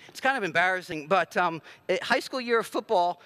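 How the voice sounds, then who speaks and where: Guy w a higher voice giving a sermon, chatty, jokes about himself, lots of ums and likes. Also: animated, fairly quick, bright, forceful tone. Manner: conversational, self-deprecating preaching with filler words. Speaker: pastor.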